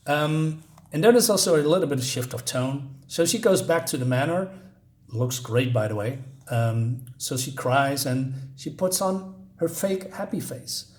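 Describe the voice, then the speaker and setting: A man giving a casual comic book review, talking in a halting, chatty way with many fillers and restarts while recapping the pages. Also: on the high side, lively intonation, darkish tone.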